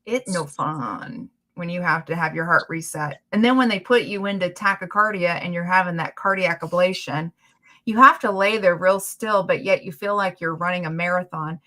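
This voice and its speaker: A woman hosting a casual chat stream, telling stories in a chatty, animated way. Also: fairly low pitch, normal speed. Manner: chatty storytelling, animated retellings. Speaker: livestream host.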